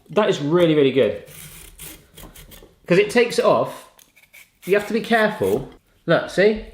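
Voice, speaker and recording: A man, testing kitchen gadgets at home in casual chat and often bursting into excited exclamations. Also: a little high, echoey room.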